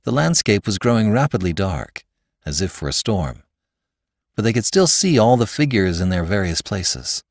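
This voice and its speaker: A man narrating an audiobook, reading expressively with a lowish voice and a lively, animated pitch. He is recorded close on a studio mic, so the sound is dry. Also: moderate pace, no echo. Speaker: narrator and podcast host.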